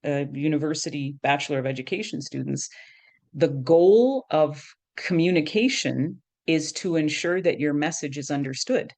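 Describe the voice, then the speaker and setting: A woman's voice: low voice, moderate pace, darkish tone. A middle-aged woman, a professor of education, explaining things in a conversational interview and often checking in with "right?". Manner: explanatory, frequently adds "right?".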